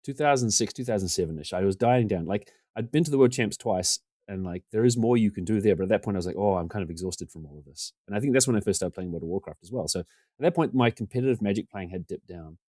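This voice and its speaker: Fast-talking, low-voiced man telling stories. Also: no room sound, studio quality. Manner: self-deprecating, animated when quoting others. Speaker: podcast guest. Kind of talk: casual storytelling interview.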